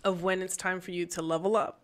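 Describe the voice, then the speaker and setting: A woman with a somewhat low voice talks in a relaxed, casual chat. She sounds supportive and encouraging as she offers advice. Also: fairly quick.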